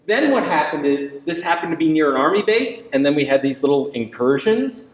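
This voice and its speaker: A man's voice: a little high, very animated, a little fast. A man giving an invited university lecture, talking emphatically with rhetorical questions and ironic asides. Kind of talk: public lecture. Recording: echoey lecture hall.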